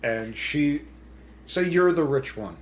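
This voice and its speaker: A man's voice: on the high side, animated, takes it slowly. A man co-hosting a casual podcast from home, joking and self-deprecating as he talks through a movie. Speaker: podcast co-host. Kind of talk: casual chat. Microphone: pink studio mic.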